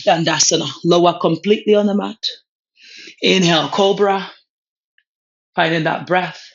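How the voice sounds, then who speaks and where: A woman leading a yoga class, giving short calm cues for poses and breathing with a word of encouragement now and then. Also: on the low side, moderate pace, gravelly. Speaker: yoga instructor. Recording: slightly dull lo-fi sound.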